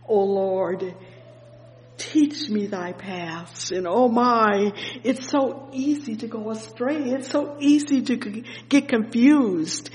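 A man's voice: high voice, reverberant, long reverb tail, low-quality recording. A man preaching a sermon, fervent, often breaking in with "oh yes" and "praise the Lord".

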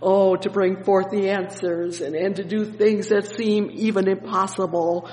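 A fervent male preacher with a high voice, unhurried and deliberate, working through a psalm verse by verse. He punctuates every thought with "oh yes" and "praise the Lord." His voice rings through a roomy hall with long reverb over a faint hum. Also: flat delivery, darkish tone. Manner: reads scripture slowly and deliberately. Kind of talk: evening sermon, Bible exposition.

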